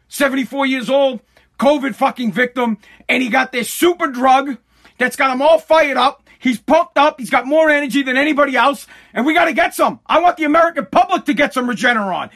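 A man in his forties rants on his own podcast with a strikingly high voice. His tone is bright and forceful. He talks in an excitable, profane, rambling way. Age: 40s. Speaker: podcast host. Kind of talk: solo podcast rant.

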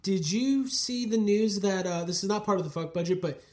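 A man hosting a podcast in casual, animated banter, joking and swearing freely. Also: high voice, a little fast. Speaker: podcast host.

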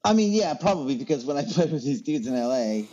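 A man's voice: medium pitch, big pitch swings, fast talker, mellow, lo-fi sound. A man chatting as a podcast guest, rambling through stories with lots of fillers and restarts. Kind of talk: casual chat.

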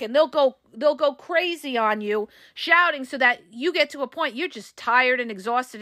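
Woman podcast host, fired-up and blunt, bright forceful voice, dry close sound. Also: high-pitched, normal speed, dry recording. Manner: passionate, emphatic, blunt with swearing. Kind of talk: solo podcast talk.

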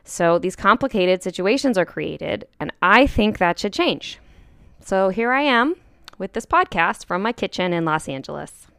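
A woman's voice: on the low side, gravelly, fairly bright tone, smooth, no echo, clean studio sound. A woman hosting a podcast from her home kitchen, chatty, laughing between thoughts. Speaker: podcast host. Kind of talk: podcast intro monologue.

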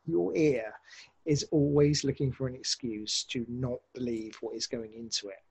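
Man, podcast director, husky voice, lively and rambling in interview chat. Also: medium pitch, moderate pace, poor audio. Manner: animated, rambling with many restarts. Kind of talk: casual interview talk.

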